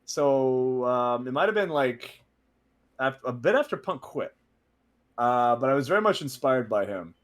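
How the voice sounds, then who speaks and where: A man casually telling a story on a stream, animated and laughing as he acts out what people said. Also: medium pitch, a little slow.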